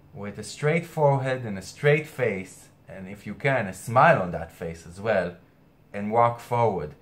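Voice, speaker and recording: A man astrologer speaking earnestly to camera, hesitating and restarting often, with something caught in his throat. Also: medium pitch. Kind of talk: weekly spiritual message to camera.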